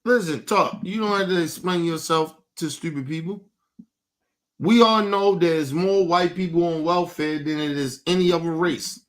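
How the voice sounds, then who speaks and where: A man with a high, bright voice hosts a live stream. He rants bluntly in casual commentary, with plenty of profanity, and his voice keeps jumping higher as he presses his points. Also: normal speed. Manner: blunt, profane, animated ranting. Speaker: streamer host.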